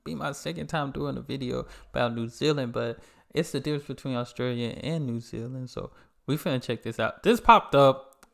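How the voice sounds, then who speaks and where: A man's voice: medium pitch, fairly quick, gravelly. A man from the United States hosting a reaction channel, chatting casually in a laid-back, slangy way. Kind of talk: casual chat.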